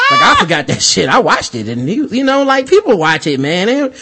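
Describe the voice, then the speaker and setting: A man's voice: high-pitched, wildly swooping pitch, moderate pace, heavy background noise. A man co-hosting a podcast in casual, profane, emphatic chat. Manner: profane, emphatic, mimics others. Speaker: podcast co-host.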